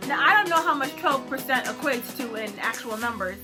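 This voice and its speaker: A young woman vlogger telling a personal story to camera in a casual, animated way, acting out what she said. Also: high-pitched, fairly quick, music in the background. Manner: animated, acts out her own lines with laughs.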